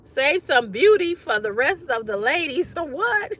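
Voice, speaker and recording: Lively slow-talking woman livestream host. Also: sits high. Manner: animated, reads comments aloud and reacts; bursts into loud laughter often. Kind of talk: casual livestream chat with viewers.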